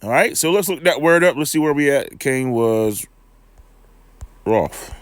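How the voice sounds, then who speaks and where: A man giving a loose, slangy scripture lesson, full of fillers and repeated "all right", slowing down when he reads the verses. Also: a little high, no room sound, clean studio sound. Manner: reads scripture slowly and deliberately. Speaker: bible teacher.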